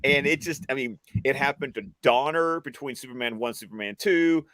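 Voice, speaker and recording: A man ranting as a guest on a video call panel chat, animated and swearing freely. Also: mid-range voice, moderate pace.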